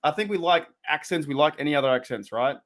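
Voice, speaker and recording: A young Australian man chatting casually and laid-back on a live stream, laughing often and reacting loudly to the plays. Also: on the high side, quick pace. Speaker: watch party streamer.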